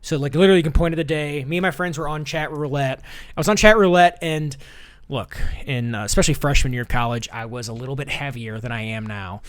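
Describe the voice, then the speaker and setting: A man's voice: mid-range voice, quick pace, smooth. A young man hosting a live-streamed comedy show, rambling with lots of fillers and reading out chat messages. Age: young adult. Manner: rambling, filler-heavy, upbeat. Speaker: host.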